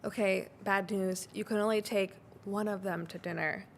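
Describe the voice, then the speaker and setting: A woman's voice: mid-range voice, fairly even intonation, normal speed, slight background noise. Upbeat woman hosting a playful interview. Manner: upbeat, laughs often, sets up scenarios. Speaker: podcast host. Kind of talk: casual interview with playful hypothetical questions.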